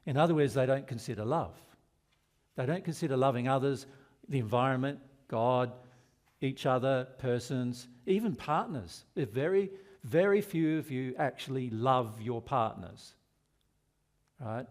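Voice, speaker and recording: A man's voice: mid-range voice, expressive, a little slow. A man with an Australian accent giving a spiritual seminar, earnest and asking the audience rhetorical questions. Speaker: spiritual teacher.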